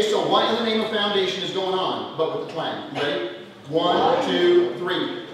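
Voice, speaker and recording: A man giving an animated, casual youth sermon at a camp, getting the crowd to shout along. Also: sits high. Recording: echoey hall from far off, faint noise.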